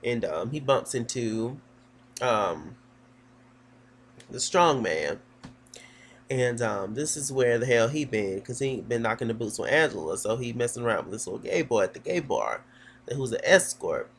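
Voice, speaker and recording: A man's voice: mid-range voice, very animated, moderate pace, a little hiss or hum. A man giving a casual, gossipy recap of a TV episode, sassy and full of fillers.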